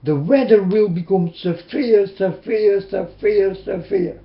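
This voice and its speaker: Guy preaching into his webcam, high voice, roomy muffled sound. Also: slow. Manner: urgent, repeating, pleading with listeners. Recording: roomy, dull webcam audio.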